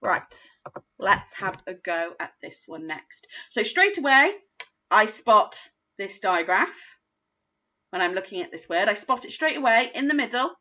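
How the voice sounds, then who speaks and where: A woman teaching a recorded phonics lesson to young children, slowly sounding out each word in a patient, encouraging way. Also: medium pitch, very animated, pushed and bright, highs cut off. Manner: slow, patient, sounding out words. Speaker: primary school teacher.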